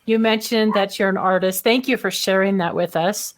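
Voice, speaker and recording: A woman's voice: mid-range voice, fairly even intonation, moderate pace, a little hiss or hum. Woman interviewer on a video call. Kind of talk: casual interview.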